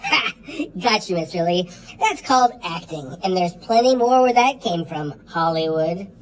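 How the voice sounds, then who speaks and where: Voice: mid-range voice, expressive, moderate pace, close to an everyday voice, poor audio. A performer voicing Greg, a goofy, melodramatic boy puppet on a children's show who hams it up and fakes tears. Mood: smug. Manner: hammy, teasing, fake-sobbing delivery.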